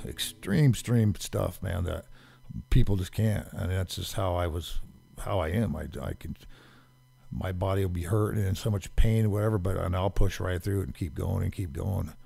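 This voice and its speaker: A man's voice: on the low side, gravelly, darkish tone. An American man in his fifties, a podcast guest telling stories in a rambling, emphatic way that repeats words. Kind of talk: casual storytelling.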